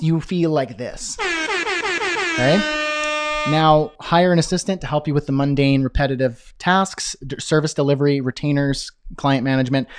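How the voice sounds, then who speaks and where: Upbeat guy coaching freelancers on a livestream, slightly high voice, keeps repeating the big points. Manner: energetic, repeats key phrases for emphasis; reads out viewer comments and answers them. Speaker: web design business coach. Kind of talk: live-streamed business coaching talk.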